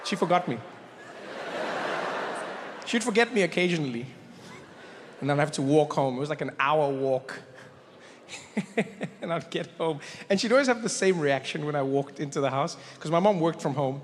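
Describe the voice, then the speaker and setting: High-voiced man doing stand-up. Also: normal speed, long pauses, long reverb tail, slight background noise. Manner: animated, conversational. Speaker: stand-up comedian. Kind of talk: stand-up storytelling.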